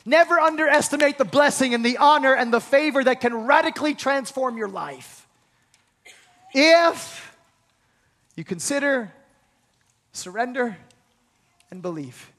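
A man preaching a sermon, swinging between hushed lines and shouted ones and leading the congregation in call-and-response. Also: extremely high pitch, lively intonation, measured pace, long pauses, long reverb tail. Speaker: pastor.

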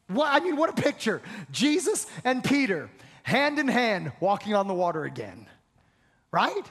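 A man preaching a sermon, emphatic and repetitive, asking the congregation questions and sometimes shouting. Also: high voice, huge pitch swings, normal speed, breathy edge, in a large hall. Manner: emphatic, repeats phrases, asks the congregation questions, occasional shouts. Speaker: pastor.

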